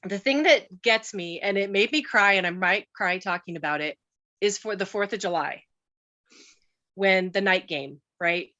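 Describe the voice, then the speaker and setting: A woman's voice: medium pitch, moderate pace, pushed and bright, lo-fi sound. A middle-aged woman, a guest panelist on a film review show, chatting casually in a rambling, storytelling way. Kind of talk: casual chat.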